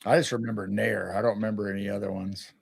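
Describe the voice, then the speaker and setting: A man's voice: fairly low pitch, little pitch movement, fast, vocal fry, breathy edge. Rambling, playful Midwestern man. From Midwestern United States. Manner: rambling, playful, repeats words while thinking. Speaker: co-host of a live chat stream. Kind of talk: casual late-night chat.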